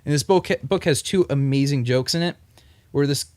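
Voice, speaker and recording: A young man co-hosting a casual comic-book podcast, animated and swearing freely as he retells scenes in put-on voices. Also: moderate pace, no room sound. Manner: animated, swears freely, acts out quoted lines in higher voices. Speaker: podcast co-host. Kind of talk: casual chat.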